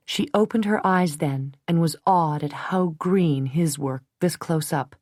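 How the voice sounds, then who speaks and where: Brief: female audiobook narrator, steady and even, lowish voice, dry studio. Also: unhurried, few pauses, dry recording. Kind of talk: scripted narration.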